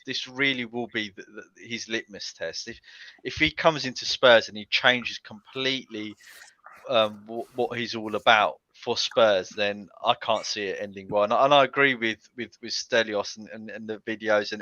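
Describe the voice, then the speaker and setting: Bright-toned man with halting speech. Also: fairly low pitch, no echo. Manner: hesitant, restarts a lot. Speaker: podcast guest. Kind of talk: casual podcast chat. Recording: dull lo-fi dry sound.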